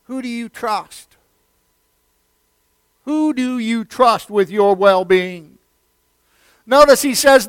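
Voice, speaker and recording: A man preaching a sermon as pastor, who swings between loud, emphatic declarations and hushed near-whispers, repeating phrases and calling his listeners friend. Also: high voice, slow, pauses often, smooth, dry recording.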